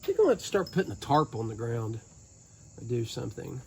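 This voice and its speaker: Country guy w/ a southern appalachian twang doing a diy boat fix outside, mellow low voice, jokey, faint crickets behind. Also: very animated, a little fast, gravelly, a little hiss or hum. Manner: folksy, joking, talking to viewers while working with his hands. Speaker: DIY boat-repair vlogger. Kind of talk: casual how-to narration while working. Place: outdoors beside a boat on the ground.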